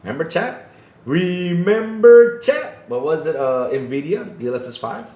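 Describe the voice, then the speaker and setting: A man's voice: mid-range voice, animated, fairly quick. A man co-hosting a podcast, giving casual gaming commentary in an emphatic, ranting way that repeats his points. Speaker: podcast co-host. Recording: echoey room with faint background noise.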